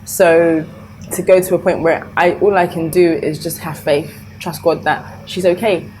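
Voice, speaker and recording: A woman's voice: on the low side, fairly even intonation, measured pace, a little mellow, slight background noise, rough recording. A young woman vlogger talking casually and personally to camera, with lots of fillers and restarts. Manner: chatty, full of fillers and restarts; open and personal.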